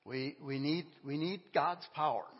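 An older man preaching an informal sermon in a church. He talks in a halting, conversational way, correcting himself and asking the congregation questions. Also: fairly high pitch, breathy edge. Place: church sanctuary. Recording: dull, echoey church recording.

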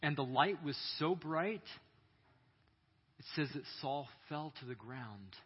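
A man preaching at a youth conference, retelling a story with dramatic pauses and acted-out voices. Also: a little high, expressive, breathy edge. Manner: dramatic storytelling, acting out quoted prayers and voices. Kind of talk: sermon. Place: large hall. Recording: echoey hall, dull sound.

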